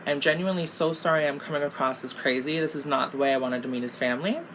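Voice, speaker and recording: A young beauty vlogger does her makeup while telling a storytime, casual, exasperated and rambling, swearing constantly and saying "like" a lot. Her voice is low with fairly even intonation, she talks fast, and the background is noisy.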